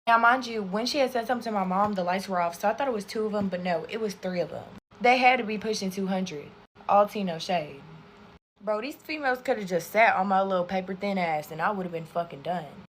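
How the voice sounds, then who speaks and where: A young woman in her twenties telling a storytime while getting ready, animated and swearing constantly. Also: medium pitch, slight background noise. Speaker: TikTok storyteller. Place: bedroom.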